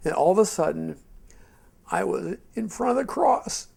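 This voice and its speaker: A man's voice: sits high, normal speed, creaky, husky. A middle-aged man teaching a Christian seminar in an informal, rambling way, telling stories and acting out the quotes in a raised voice. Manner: animated storyteller who acts out quotes in a raised voice; rambling and conversational, with frequent restarts.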